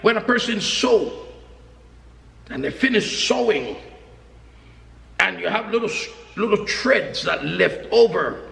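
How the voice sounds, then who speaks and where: A man preaching a sermon with emphatic repetition, often shouting his phrases. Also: high voice, lively intonation, slow, creaky, long pauses. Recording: echoey hall with long reverb.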